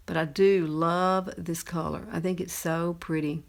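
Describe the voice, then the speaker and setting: A woman's voice: lowish voice, fairly even intonation, measured pace, vocal fry. Chatty Southern woman in her fifties. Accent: Southern American. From Southern United States. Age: 50s. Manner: chatty, laughs often, talks while applying makeup. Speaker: makeup presenter. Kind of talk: casual makeup tutorial.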